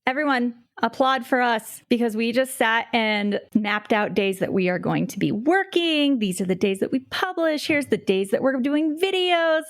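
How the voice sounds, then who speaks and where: A woman's voice: fairly high pitch, animated, normal speed, hardly any pauses, no room sound, studio quality. A woman co-hosting a casual podcast chat, playful and teasing. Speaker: podcast co-host.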